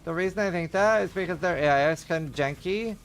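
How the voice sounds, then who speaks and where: A man streaming a game, speaking in a slightly high voice with a gravelly fry running through it. He talks loosely and chattily, reading and answering his chat as he plays. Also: fast, a little hiss or hum. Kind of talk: casual live-stream commentary.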